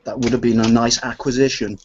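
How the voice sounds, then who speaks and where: A man's voice: mid-range voice, background noise. Male co-host, mid voice, jokey storyteller, muffled lo-fi live-stream sound. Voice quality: jokey, animated storyteller doing quick voices. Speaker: podcast co-host. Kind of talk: casual chat.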